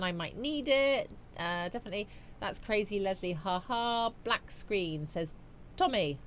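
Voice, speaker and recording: A woman's voice: medium pitch, a bit bright, a little hiss or hum. Chatty woman streamer. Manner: chatty and rambling, musing aloud with frequent fillers. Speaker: livestream host. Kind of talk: casual chat, reading viewer comments aloud.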